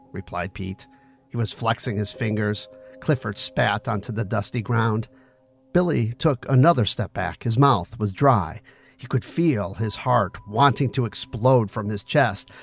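A man reading a story aloud in steady, dramatic audiobook narration. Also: medium pitch.

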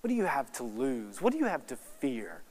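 A man teaching at a Bible study, swinging from hushed, earnest lines to loud, rapid, excited asides. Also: mid-range voice, in a large hall. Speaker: guest speaker at a Bible study. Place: church hall or meeting room.

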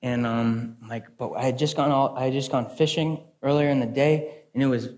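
A young man preaching a sermon through personal stories, earnest and conversational, with frequent halting restarts. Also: mid-range voice, fairly even intonation, a little mellow.

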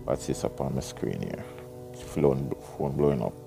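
A man's voice: very deep voice, moderate pace, creaky, music in the background. A man, reading a book aloud and breaking off into rambling, chatty asides as a podcast host. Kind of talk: casual reading with side commentary.

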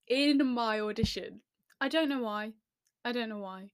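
A young woman from the English Midlands telling a story to camera in a chatty, self-deprecating way, with quick asides. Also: on the high side, clean tone, dry recording, studio quality. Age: young adult.

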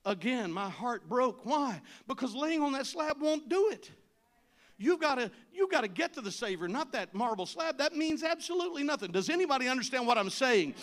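A man preaching a sermon as pastor, telling a travel story and rising to shouted, pleading appeals. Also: very high-pitched, sing-song, moderate pace.

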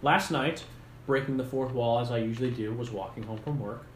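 A man's voice: mid-range voice, brisk, a little hiss or hum. A young man co-hosting a podcast, rambling through a story with lots of fillers in casual chat. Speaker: podcast co-host. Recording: roomy echo.

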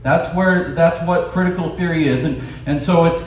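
Man preaching in an echoey hall. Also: on the high side. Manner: animated preaching with quick asides and restarts. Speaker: camp speaker. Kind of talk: sermon. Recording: echoey hall, distant mic.

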